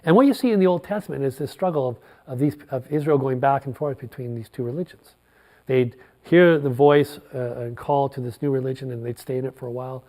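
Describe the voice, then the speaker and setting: A man, the church's pastor, preaching a sermon in a thoughtful, unhurried way, often restarting his phrases. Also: mid-range voice, gravelly, dark tone.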